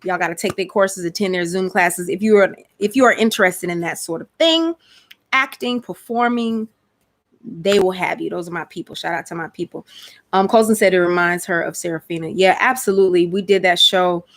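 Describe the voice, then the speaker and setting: A woman's voice: on the low side, fairly quick. A woman with a Georgia accent hosting a casual live stream, chatty and slangy. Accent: Georgia, US South. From Atlanta, USA. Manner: chatty, lively, slangy, exclamatory. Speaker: host.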